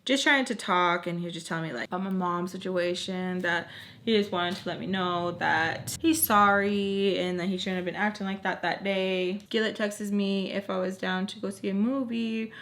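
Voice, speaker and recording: A young woman vlogger telling a casual storytime, rambling along with plenty of "like" fillers and animated retelling. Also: mid-range voice, moderate pace, a little hiss or hum.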